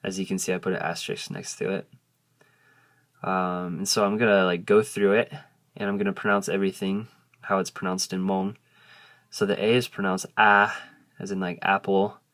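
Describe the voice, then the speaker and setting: A man's voice: low voice, level tone, fairly bright tone. A man who speaks English as his first language gives a casual video lesson, patiently explaining and sounding out vowels. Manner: slow, patient explaining, modelling sounds aloud. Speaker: language teacher.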